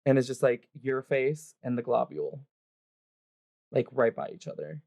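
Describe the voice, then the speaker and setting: A dungeon master narrates a livestreamed tabletop session in a loose, chatty style, packed with fillers, laughs, and swearing. His voice sits at medium pitch with normal speed, some vocal fry, and a slightly mellow quality. The recording is clean studio sound with no room tone.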